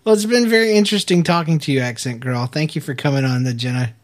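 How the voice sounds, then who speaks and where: A man's voice: on the high side, fast. A man, a father hosting a casual home show with his daughter, teasing her and laughing often. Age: adult. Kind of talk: casual playful chat.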